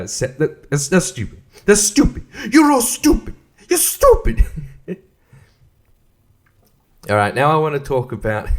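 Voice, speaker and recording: A man hosting a solo podcast, rambling and swearing freely, laughing often and stumbling over restarts. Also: mid-range voice. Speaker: podcast host.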